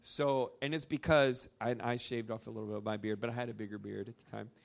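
At a church gathering, a young Arkansas man tells a rambling story to a live crowd, loose and full of fillers. His mid-range voice is creaky, with fairly even intonation, and he talks fast.

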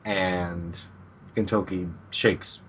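A man co-hosting a podcast, narrating a plot in a low-key, casual way, in muffled lo-fi audio. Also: steady tone, drawn-out words, fairly bright tone, husky. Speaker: podcast co-host. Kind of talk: casual chat recapping a manga.

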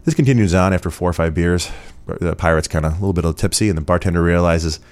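Deep-voiced chatty podcast host. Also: male voice, fast, a little mellow. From Rochester, New York. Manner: rambling, chatty, many fillers. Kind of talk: casual listener Q&A.

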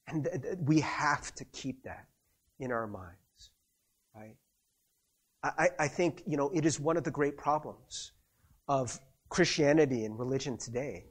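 A man's voice: fairly high pitch, husky. A man preaching a conversational sermon as a pastor, chatty, with many fillers, and acting out the quotes he tells.

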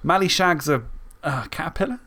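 A man's voice: fairly high pitch, lively intonation, moderate pace, bright, forceful tone. A man from the Isle of Wight with a southern English accent, a podcast co-host in casual, self-mocking chat that wanders off track, with the odd swear word.

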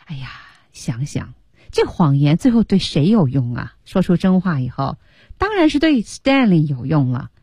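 A woman teaching on a radio lesson, her pitch swinging widely as she coaxes listeners through each line of a story. Her voice is a little low and husky, and the studio sound is dry and close. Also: moderate pace, dry recording. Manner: translates line by line, lively and coaxing. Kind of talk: language lesson explaining in Mandarin. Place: broadcast studio.

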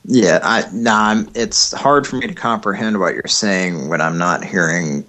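A man co-hosting a casual comedy chat over a voice call, making absurd deadpan jokes. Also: low-pitched, measured pace. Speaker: co-host.

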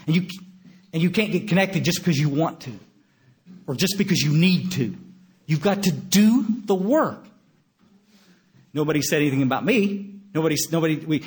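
Older guy with a high voice, blunt folksy storytelling at a recovery meeting, stumbles and restarts a lot. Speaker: recovery speaker. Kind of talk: recovery meeting talk to an audience.

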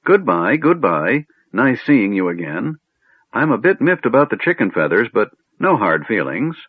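A man's voice: lowish voice, very animated, normal speed, slightly rough, no echo, narrow, tinny audio, pitched above the performer's own voice. A man doing a muttering, scatterbrained old wizard. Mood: fussy, rambling. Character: doddering absent-minded old male wizard.

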